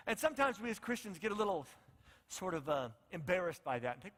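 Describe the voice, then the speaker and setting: High-voiced pastor preaching in a hall. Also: male voice, sing-song, fast, fairly bright tone. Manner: conversational, acts out the disciples' lines. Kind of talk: sermon.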